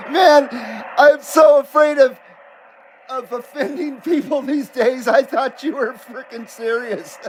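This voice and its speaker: High, lively man with radio static. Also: very slow, long pauses, low-quality recording. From Nevada, USA. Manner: blunt, swears freely, laughs often. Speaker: CB radio operator and live streamer. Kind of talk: live radio listening stream. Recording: radio static hiss behind the voice.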